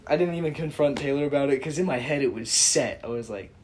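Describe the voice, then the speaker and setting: A young man co-hosting a podcast, telling a story in a casual, animated way with lots of swearing and laughter. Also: mid-range voice, quick pace, a loud crowd. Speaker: podcast co-host.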